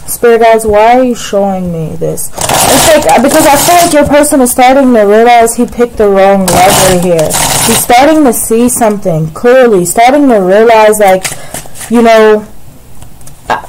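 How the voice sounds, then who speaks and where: A woman's voice: on the high side, lively intonation, a little slow, background noise. A woman giving a casual tarot reading straight to the viewer, rambling and filling her talk with "like" and "it's like". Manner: rambling, repeats "like" and "it's like", addresses viewer directly. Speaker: tarot reader.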